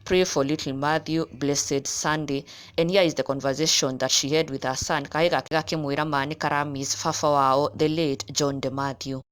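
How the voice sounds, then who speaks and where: A woman's voice: sits low, fairly even intonation, a little fast, clear, resonant tone. A woman presenting entertainment news, reading steadily and mixing Kikuyu with English. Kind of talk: read news narration.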